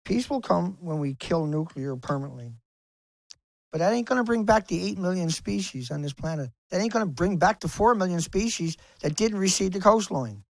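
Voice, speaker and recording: A man's voice: high voice, expressive, moderate pace, creaky, dry recording. Man in a swearing, impassioned rant. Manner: angry, swearing, repetitive and emphatic. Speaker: environmental activist vlogger. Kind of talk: impassioned profane rant to camera. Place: outdoors on a beach.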